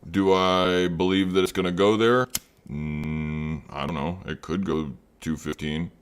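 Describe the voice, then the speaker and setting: A man's voice: low voice, steady tone, moderate pace, clean tone. A man hosting a live trading stream, chatting casually with viewers and rambling with many fillers. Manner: rambling, talks to chat by name, many fillers. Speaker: livestream trading host. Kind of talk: casual livestream chat.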